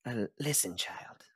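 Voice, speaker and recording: A tired older mother scolds her child in a hushed, sighing voice, as a man puts her on in a tabletop game. The delivery is slow and unhurried. The room sounds close and dry. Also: dry recording.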